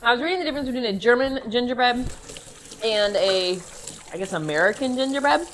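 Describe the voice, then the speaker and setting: A woman's voice: brisk, a little hiss or hum. A woman co-hosting a homestead channel, chatting casually in her kitchen while tasting cookies. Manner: chatty, giggly, lively pitch. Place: home kitchen.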